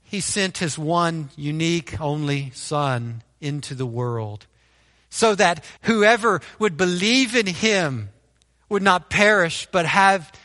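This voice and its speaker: A man's voice: fairly high pitch, animated, takes it slowly, bright, forceful tone, big-room sound. A man preaching a sermon as pastor, repeating phrases and checking in with the congregation with "right?". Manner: preaches with rhetorical "right?" tags and repetition.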